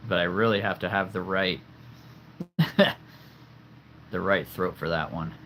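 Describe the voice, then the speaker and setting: Showing his figure collection on a livestream, a man in his 30s chats and rambles from a home room filled with toy figures, frequently laughing at himself. He has a deep voice with fairly even intonation and a bright, forceful tone, talks a little slowly, and a bit of hiss or hum is audible.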